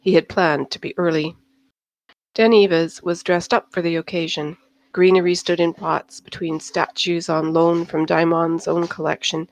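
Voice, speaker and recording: Woman narrating a novel in a low, dry voice. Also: no room sound, poor audio. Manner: steady, measured storytelling. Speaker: audiobook narrator. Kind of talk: scripted narration.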